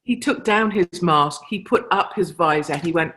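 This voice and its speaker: A woman's voice: fairly low pitch, normal speed, a bit bright. British woman telling stories on stage. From Britain. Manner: chatty anecdotal storytelling, emphatic. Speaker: convention speaker. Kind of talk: speech to a live audience.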